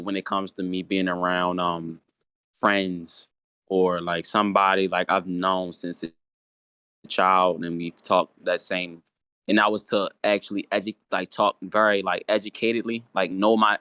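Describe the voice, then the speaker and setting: A man's voice: low voice, pushed and bright, clear, resonant tone, dry recording. A young man from Baltimore, co-hosting a podcast in casual chat, hesitant and searching for words. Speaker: podcast co-host.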